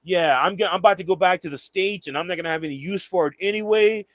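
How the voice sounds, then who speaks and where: Southern man quoting a stranded young American, eager, grateful, a bit higher. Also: quick pace, a bit bright, dry recording. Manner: eager, grateful, repeats himself.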